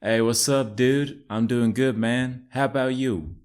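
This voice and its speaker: A man putting on an American accent to voice Chad, an excitable, laid-back young American guy who calls everyone dude and bro. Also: mid-range voice, measured pace, clean tone, voice pushed up, close to an everyday voice. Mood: upbeat. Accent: put-on American.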